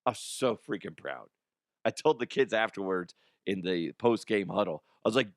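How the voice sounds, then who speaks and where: A man hosting a comedy show, his voice hoarse and strained, chatting casually in a rambling, excitable way and laughing often. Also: on the low side, normal speed, no echo, clean studio sound. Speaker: comedy show host and youth baseball coach.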